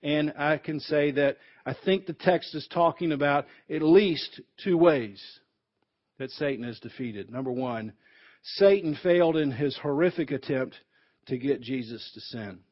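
A man's voice: on the high side, unhurried. A man preaching a sermon in an emphatic way, building to fervent peaks, heard on a dull, lo-fi recording.

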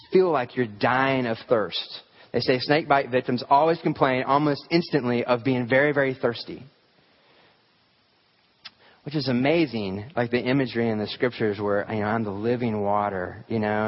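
A man's voice: medium pitch, lo-fi sound. A man preaching a sermon, telling folksy stories with humor and lots of fillers. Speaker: pastor.

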